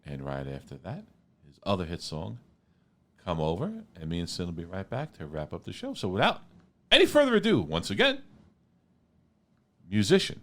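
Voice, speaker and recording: Low, lively-voiced male radio host. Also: moderate pace, long pauses. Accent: New York. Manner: playful, repeats words, trails off quietly. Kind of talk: casual interview chat.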